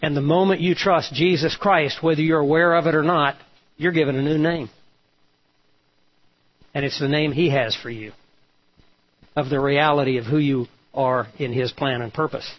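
A man's voice: a little high, fairly even intonation, moderate pace, pauses often. A male pastor preaching a sermon, retelling a story and voicing the quoted lines with emphasis. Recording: dull lo-fi sound.

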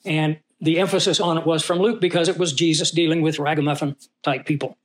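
A man's voice: on the high side, fairly even intonation, brisk. A man teaching a Bible study, who reads scripture aloud and puts questions to his class.

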